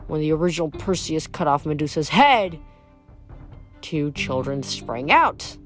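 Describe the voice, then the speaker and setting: A boastful, scornful male pirate villain with a resentful edge, as a woman reading a novel aloud puts him on. The voice sits a little low, and faint music plays behind it. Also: sing-song, measured pace. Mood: bitter. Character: proud bitter male pirate son of Medusa.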